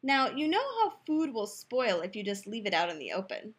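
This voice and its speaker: A woman's voice: medium pitch, sing-song, fairly quick, husky. A woman playfully reading a picture book aloud, telling the story in first person as the wolf, in a youth room.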